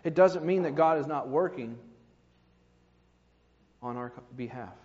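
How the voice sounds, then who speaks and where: A man's voice: a little high, unhurried, a little mellow. A man preaching a sermon in a conversational way, with rhetorical asides to the congregation. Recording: dull reverberant hall recording.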